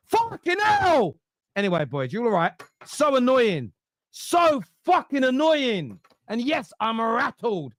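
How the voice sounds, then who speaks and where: A man's voice: very high-pitched, no echo, clean studio sound. A man hosting a football podcast, ranting in an exasperated, sweary way about his club. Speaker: podcast host. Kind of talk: heated football fan rant.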